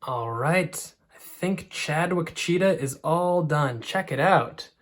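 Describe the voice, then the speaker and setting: A man's voice: fairly high pitch, slow. Man teaching a kids' craft. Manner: friendly, step-by-step instruction. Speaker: art teacher. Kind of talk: children's craft lesson.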